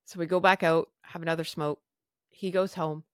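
A woman with a lowish voice tells a candid personal story in a blunt, swearing way. She acts out the people she quotes as she goes. The sound is dry and close, with no room around it. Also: steady tone, moderate pace, no echo. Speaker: podcast host.

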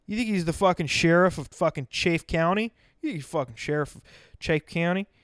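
A man's voice: a little high, a little fast, no echo. A man hosting a podcast, ranting bluntly and sarcastically, swearing constantly. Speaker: podcast host. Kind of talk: profane ranting monologue.

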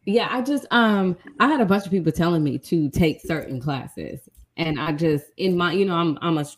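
A woman's voice: fairly low pitch, lively intonation, normal speed. A strong-willed woman stand-up comedian talking bluntly and earnestly in casual chat.

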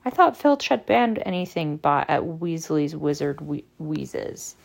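A woman's voice: low voice, sing-song, gravelly, full character voice. Woman doing a defensive teenage boy. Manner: insistent, quick. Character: teenage schoolboy wizard, stubborn and defensive.

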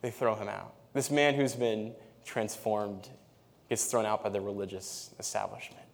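A man's voice: fairly low pitch, fairly even intonation, moderate pace, creaky. A man preaching a sermon in a conversational way, laughing now and then and reading scripture aloud. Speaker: pastor.

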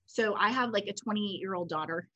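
A woman's voice: medium pitch, brisk, no echo, highs cut off. Chatty woman co-host, dry close sound. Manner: chatty, animated storytelling with quoted voices. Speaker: podcast co-host. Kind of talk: casual conversational explanation.

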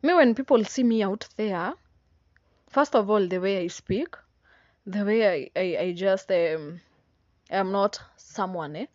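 A woman's voice: lowish voice, darkish tone, no echo. Young woman, Kenyan accent, casual motivational vlog, emphatic, repeats herself, dry slightly muffled recording. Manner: emphatic, repeats phrases, mixes slang and tag questions. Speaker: vlogger. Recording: dry, slightly dull sound.

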